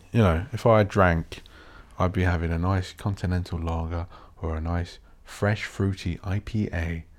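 A man's voice: deep voice, creaky, darkish tone. A man hosting a solo podcast, rambling and ranting with plenty of swearing. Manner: swears a lot, rants and mocks posh voices. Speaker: podcast host.

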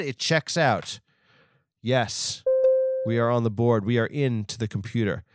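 A man hosting a comedy podcast, rambling through absurd asides in a deadpan manner. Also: lowish voice, a little slow, no room sound, studio quality. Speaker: podcast host.

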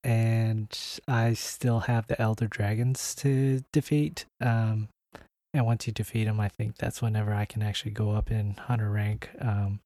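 A man co-hosting a casual podcast. He talks in a hesitant, low-key way and leans heavily on filler words. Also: level tone, measured pace, mellow, no room sound. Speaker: podcast co-host.

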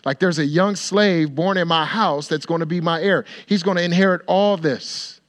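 A man preaching a sermon, acting out the dialogue of the story in an expressive way and sometimes dropping to a soft, near-whispered voice. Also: a little high, normal speed. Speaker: pastor.

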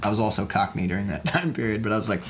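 Man, casual chat, joking, rambling, laughs a lot, animated pitch. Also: racing, slight background noise. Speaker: indie filmmaker.

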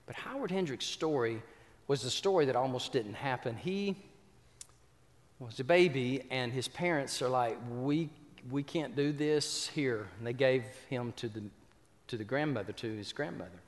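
A man's voice: mid-range voice, lively intonation, normal speed. A man preaching a sermon, telling a story with repeated words and questions to the congregation. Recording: reverberant hall.

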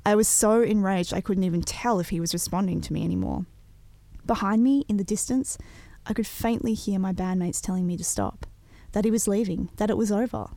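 A woman narrating a personal story in a measured, reflective way. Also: medium pitch, vocal fry, mellow, dry recording.

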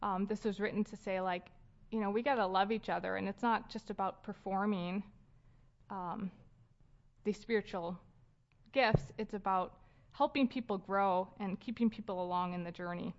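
A woman in her thirties leads a church gathering with a casual, conversational sermon full of fillers and light laughs. Her mid-range voice keeps fairly even intonation at a moderate pace. The recording sounds dull and lo-fi.

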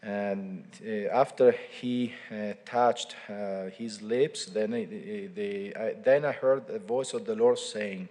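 A priest with a fairly low voice gives a homily, walking through scripture as if telling a story to friends. His words ring out with the long reverb of a large church. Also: steady tone, takes it slowly, hardly any pauses, dark tone. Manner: informal storytelling, retelling scripture conversationally.

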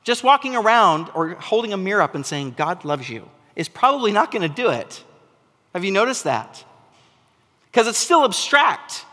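A man preaching a sermon as pastor, animated and building to emphatic bursts. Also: high-pitched, moderate pace. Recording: long hall reverb.

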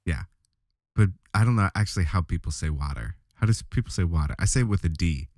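A man with a lowish voice, co-hosting a podcast in a bantering, mock-indignant way. His pitch swings widely as he argues. The sound is dry and close to the mic. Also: expressive, fast talker, a little mellow, dry recording. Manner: playfully argumentative, mock indignant. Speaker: podcast co-host. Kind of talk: casual banter.

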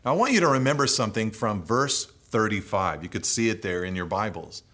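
A man's voice: lively intonation, brisk. Earnest man preaching a sermon. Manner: earnest preaching, swinging between raised emphatic phrases and low hushed endings.

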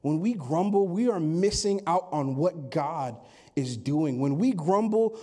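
A man preaching a Sunday sermon, acting out complaining voices and rising to loud, emphatic peaks. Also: a little high, animated, unhurried. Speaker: pastor.

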